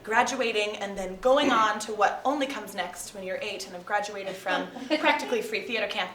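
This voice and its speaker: A woman who teaches theatre tells a lively, laughing story to a live audience. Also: medium pitch, normal speed, far from the mic. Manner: animated, laughing often. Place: performance room with an audience. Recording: echoey room, mic from afar, crowd noise.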